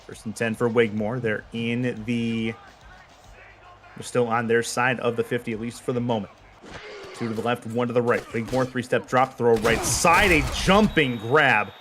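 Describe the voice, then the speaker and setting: A man calling play-by-play for a virtual football broadcast, steady between plays and rising to excited shouts on big moments. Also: medium pitch, normal speed, faint music behind. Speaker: play-by-play commentator. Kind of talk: live sports play-by-play.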